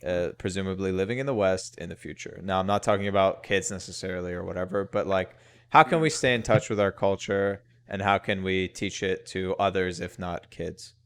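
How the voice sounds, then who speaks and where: Low smooth-voiced male podcast host. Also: fairly quick, fairly bright tone, dry recording. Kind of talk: casual group chat.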